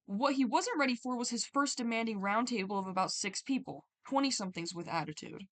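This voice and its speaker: A woman's voice: a little high, lively intonation, a little fast, hardly any pauses. A young adult woman on a casual stream, reading stories aloud and breaking off to comment in a chatty way.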